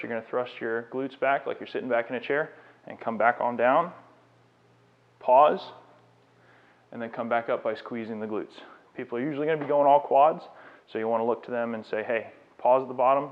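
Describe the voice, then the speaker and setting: A man who is a fitness trainer, giving a live demonstration lecture and coaching a client through exercises. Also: mid-range voice. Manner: coaching instructions, encouraging and explanatory. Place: fitness studio. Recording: tinny phone-like sound.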